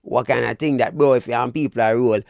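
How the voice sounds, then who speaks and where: A man's voice: medium pitch, quick pace, creaky, no echo, studio quality. A man with a Jamaican accent giving opinionated commentary as a vlogger and speaking straight to his viewers. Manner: animated, preachy, addresses viewers as "people".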